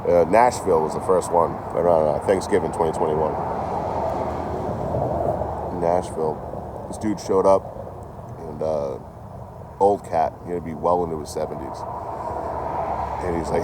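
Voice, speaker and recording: A man's voice: deep voice, moderate pace, long pauses. A young man chatting casually on a live stream from outdoors, rambling and profane, laughing between thoughts. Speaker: train-hopping livestreamer. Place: outdoors in town near a store. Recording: phone outdoors with street noise.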